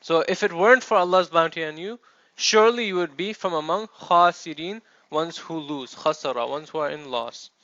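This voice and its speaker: Guy teaching a class, kinda high voice, keeps checking everyone follows, muffled dry recording. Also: moderate pace, bright, forceful tone, no echo. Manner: explains step by step, checks with "okay?" and "right?". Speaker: Arabic teacher. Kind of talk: classroom lecture.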